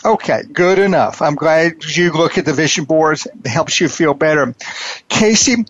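A man hosting a coaching interview, talking in a preachy, emphatic way and repeating his key phrases slowly. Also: a little high, no room sound, lo-fi sound. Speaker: podcast host and wealth coach.

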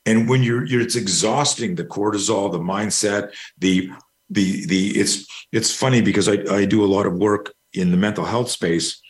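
A man's voice: lowish voice, moderate pace. A middle-aged man, a guest talking about fear management, telling a long personal story in a rambling, casual way with the odd curse. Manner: rambling, anecdotal, casual swearing. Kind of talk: storytelling interview.

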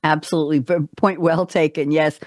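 Woman radio host, chatty, lowish voice, dry close sound. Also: fairly even intonation, fairly quick, darkish tone, no echo. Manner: chatty, laughs often, tells anecdotes. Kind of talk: casual interview chat.

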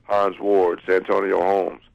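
Deep, gravelly male radio co-host. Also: flat delivery, slow, no room sound. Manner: easygoing, rattles off stats. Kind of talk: casual sports radio chat. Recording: dull, slightly lo-fi line.

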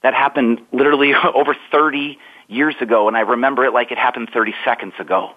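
A man in his forties, a guest author, telling a story in an earnest, reflective way and slowing down for emphasis. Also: mid-range voice, fairly even intonation. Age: 40s. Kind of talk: storytelling interview answer. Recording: tinny phone line.

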